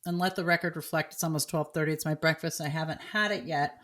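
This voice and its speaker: A middle-aged woman hosting a podcast in casual chat, playful and talkative, dropping to low mutters and jumping to high exclamations. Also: fairly even intonation, quick pace, fairly bright tone. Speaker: podcast host.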